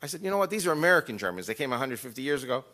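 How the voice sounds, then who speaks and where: Very animated and rapid-fire, a man with a mid-range voice talks over some background noise. He's giving a storytelling lecture to a live audience, full of personal stories, jokey asides and acted-out dialogue.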